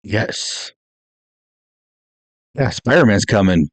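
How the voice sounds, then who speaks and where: A man's voice: lowish voice, expressive, takes it slowly, no echo. A man co-hosting a film podcast, laid-back, giving short replies and using lots of fillers. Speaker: podcast co-host. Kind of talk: casual chat.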